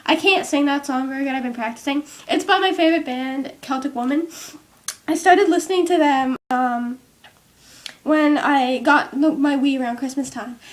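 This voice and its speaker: A woman's voice: high voice, moderate pace. A young woman vlogging at home, chatting casually and rambling with lots of "um" and "like" into a cheap microphone with its top broken off. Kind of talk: casual chat to camera.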